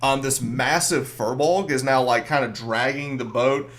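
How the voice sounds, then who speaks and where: A man's voice: mid-range voice, measured pace, a bit bright. A man narrating as game master of a tabletop game, rambling with many "um"s and restarts.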